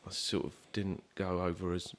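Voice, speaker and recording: A man's voice: sits low, completely flat delivery, moderate pace. A young man from southeast England, a musician guest chatting casually in a podcast interview, easygoing and rambling with lots of fillers.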